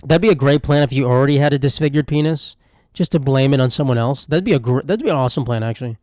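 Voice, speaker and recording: A young man at mid pitch rambles through a solo comedy podcast, irreverent and self-mocking, often drifting into muttered asides. The mic is close and dry, with no room sound. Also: fast, darkish tone, no echo. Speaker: podcast host.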